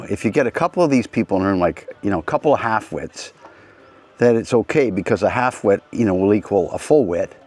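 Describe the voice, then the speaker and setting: Low-voiced man rambling through stories. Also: a little mellow. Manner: rambling, anecdotal, with frequent restarts and asides. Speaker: host. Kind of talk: casual rambling monologue.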